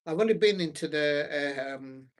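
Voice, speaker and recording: A man with a slightly high voice, talking football on his own channel in a loose, rambling way. He hesitates often, filling gaps with ums and starting sentences over, and sounds a bit scattered as he hunts through his notes between thoughts. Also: moderate pace, background noise. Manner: hesitant, with many ums and restarts. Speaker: football watch-along host. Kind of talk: rambling solo football chat.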